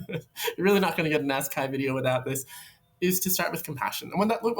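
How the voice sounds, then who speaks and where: A woman hosts a casual advice video, speaking in a fairly low voice that swoops up and down. She sounds reflective and playful and keeps breaking into soft laughs. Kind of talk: casual advice talk to camera.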